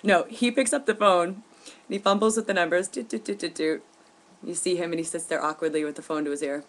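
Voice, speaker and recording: Woman vlogger, lower pitch, casual storytelling, indignant and animated. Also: fast. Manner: indignant, animated retelling with laughs. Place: at home, indoors.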